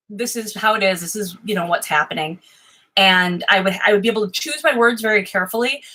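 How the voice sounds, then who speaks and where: An American woman chatting at home in a rambling, self-interrupting way, admittedly high, swearing freely. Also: bright, forceful tone, low-quality recording. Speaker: vlogger. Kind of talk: rambling casual livestream chat. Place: home office.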